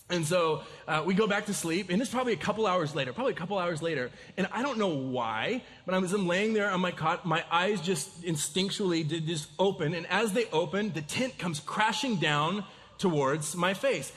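A high-pitched man preaching to a congregation, relaxed and chatty, stumbling and restarting as he tells a story. His voice rings out with a long reverb in a church auditorium. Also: brisk. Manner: storytelling, animated, many restarts and fillers. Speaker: pastor. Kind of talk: sermon. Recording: reverberant hall.

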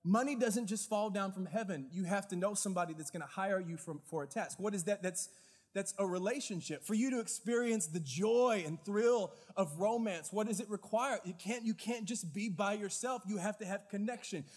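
Man, pastor, sermon, high voice, lively storytelling, long hall echo. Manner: animated storytelling, lively, quick bursts. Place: church hall.

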